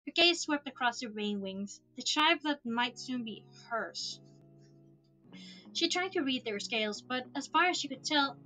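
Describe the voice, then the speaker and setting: A woman with a high, bright voice reads a novel aloud on a livestream, lively and expressive. She speaks close to a desk microphone, and faint music plays softly in the background. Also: low-quality recording. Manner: expressive reading, with laughing asides. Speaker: streamer reading a book aloud. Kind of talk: reading a novel aloud on stream.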